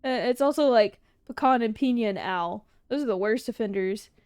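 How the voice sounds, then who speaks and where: A woman's voice: fairly high pitch, brisk, a little mellow, clear, resonant tone, dry recording, studio quality. A woman streamer in casual livestream chat, answering viewer questions, laughing often and swearing freely.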